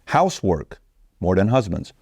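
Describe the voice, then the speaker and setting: Man, host, low voice, emphatic preachy monologue, rhetorical questions, dry close sound. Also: very animated, normal speed, gravelly, a little mellow, slightly rough, dry recording. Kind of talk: commentary monologue to camera.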